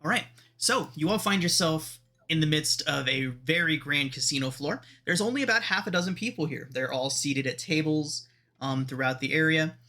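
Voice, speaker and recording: Bright-voiced man running a tabletop game. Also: fairly high pitch, normal speed. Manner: descriptive, easygoing narration. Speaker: game master.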